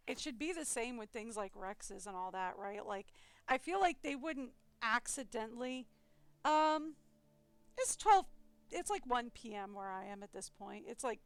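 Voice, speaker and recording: A young American woman streaming a game from home, chatty and rambling with frequent giggles. Her voice is high, bright and crisp, close to the mic with a dry sound. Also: dry recording. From eastern United States. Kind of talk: casual live game stream chat.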